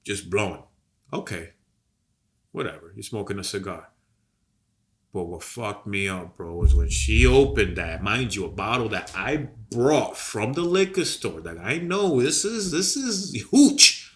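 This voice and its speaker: A man co-hosting a podcast, telling a long story in a rambling, profane, animated way while coming down with a cold. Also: fairly low pitch, unhurried. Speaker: podcast co-host. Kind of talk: casual storytelling chat.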